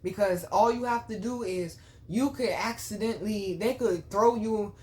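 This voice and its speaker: Young woman, casual storytelling, blunt and profane, talks right at viewers, medium pitch, faint background hiss. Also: moderate pace. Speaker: channel host.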